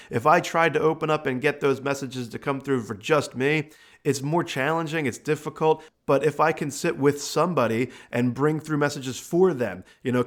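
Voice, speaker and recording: A man who works as a medium, hosting a show and telling a personal story in a relaxed, chatty way with plenty of uh and you know. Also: on the high side. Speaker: host and medium. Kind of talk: casual storytelling.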